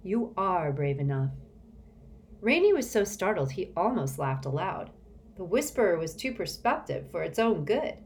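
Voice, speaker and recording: A woman narrating an audiobook in a measured, expressive storytelling manner. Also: medium pitch, a little hiss or hum.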